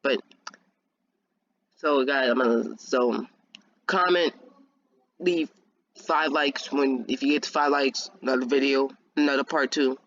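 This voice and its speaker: A man's voice: medium pitch, steady tone, unhurried, pauses often, a bit bright. Rambling young man with a lo-fi home mic. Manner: rambling, many restarts, laughs at himself. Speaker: fan video creator. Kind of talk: casual fan storytelling.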